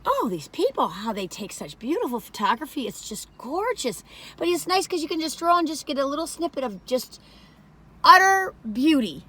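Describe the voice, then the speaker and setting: A woman's voice: high-pitched, very animated, fairly quick, fairly bright tone. Chatty, emphatic northern woman vlogger. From northern United States. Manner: emphatic, chatty, rambling with laughs. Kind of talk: casual food review chat.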